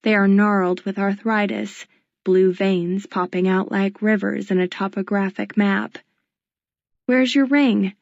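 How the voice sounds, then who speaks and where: A woman narrating a novel in the first person, in a quiet, measured, introspective way. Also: medium pitch, level tone, creaky, no echo, highs cut off. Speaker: audiobook narrator.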